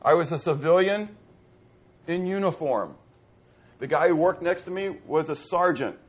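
A man's voice: a little high, normal speed. A middle-aged man from Pittsburgh preaching a sermon as pastor, quizzing his congregation with fill-in-the-blank questions. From Pittsburgh, USA.

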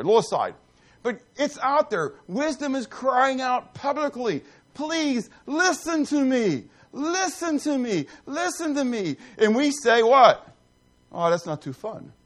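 A male pastor with a high-pitched voice preaches a conversational sermon in church. He asks the congregation questions and keeps breaking off into asides, restarting many times.

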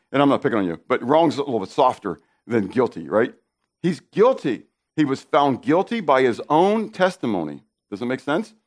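A man preaching with an emphatic, insistent delivery. His voice sits a little higher than most men's. He hammers key words by repeating them and keeps turning straight to his listeners. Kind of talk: sermon.

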